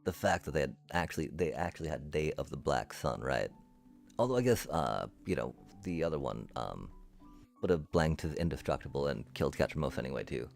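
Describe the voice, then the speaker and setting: A man's voice: very deep voice, lively intonation, brisk, gravelly. A male streamer ranting to his chat, angry and profane, swearing through his frustration. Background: faint music.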